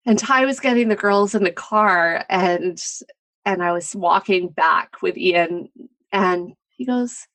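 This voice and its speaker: A woman's voice: fairly low pitch, a little slow, fairly bright tone, dry recording. A woman guest on a podcast, talking candidly in a casual chat, laughing often and quoting others in a lifted voice.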